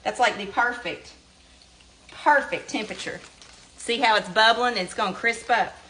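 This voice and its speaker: A middle-aged woman from the American South chats through a home cooking demo in a fairly high, slightly bright voice at a moderate pace. She's down-to-earth and calls her viewers y'all, while oil fries and sizzles behind her.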